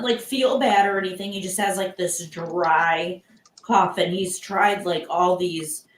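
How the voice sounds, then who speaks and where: A woman's voice: fairly low pitch, roomy sound, a little hiss or hum, poor audio. An older woman from Michigan hosting a casual live chat, rambling with lots of fillers and restarts. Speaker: live stream host.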